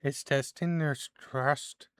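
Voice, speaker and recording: A man's voice: mid-range voice, steady tone, slow, clear, resonant tone, dry recording, studio quality, close to an everyday voice. A man voicing a mysterious female fortune teller with an improvised voice. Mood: cryptic. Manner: improvised, emphatic whisper-turned-speech.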